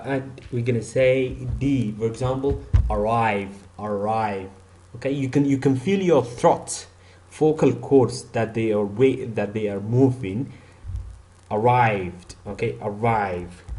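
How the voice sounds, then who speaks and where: Male teacher, unhurried and mellow, drilling example words with frequent okays. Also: medium pitch. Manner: repeats example words slowly, many okays and restarts. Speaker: English teacher. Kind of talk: explaining pronunciation from a slide.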